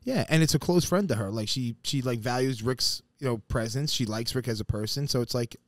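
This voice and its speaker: Fast-talking man in casual podcast banter. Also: medium pitch, dry recording. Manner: animated, profane, acts out quoted voices. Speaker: podcast co-host. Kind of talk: casual chat, storytelling.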